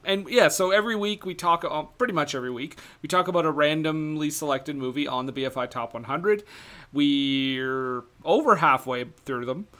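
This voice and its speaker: A man's voice: a little high, moderate pace, a bit bright. A young man from Quebec co-hosting a podcast, casual and easygoing, often laughing. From Quebec, Canada. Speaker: podcast co-host. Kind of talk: casual chat.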